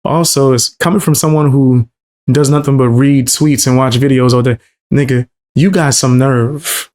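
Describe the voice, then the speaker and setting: A man's voice: mid-range voice, fairly even intonation, moderate pace, darkish tone. A man hosting casual reaction commentary, talking in a slangy, mocking, incredulous way. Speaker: commentary channel host.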